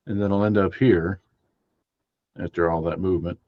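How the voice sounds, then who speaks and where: A man's voice: low-pitched, steady tone, moderate pace, pauses often, no echo. A man playing a tabletop game, narrating his character's moves with jokes. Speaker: player. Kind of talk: casual tabletop play. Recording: dull lo-fi mic.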